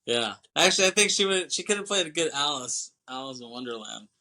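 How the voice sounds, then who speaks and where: A man's voice: fairly high pitch, animated, fairly quick, sharp tone. A man co-hosting a podcast, casually recapping a movie scene by scene, rambling, laughing often and acting out lines. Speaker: podcast co-host.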